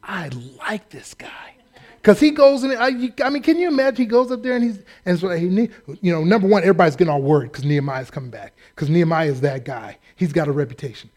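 A man preaching a sermon in a folksy, animated way, acting out the people in his story. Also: high voice, quick pace, few pauses. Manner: folksy, animated, acts out quotes. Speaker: pastor.

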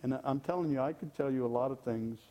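A man's voice: mid-range voice, fast, warm tone. An older man giving an informal, folksy sermon, joking and repeating his phrases. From California. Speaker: lay preacher.

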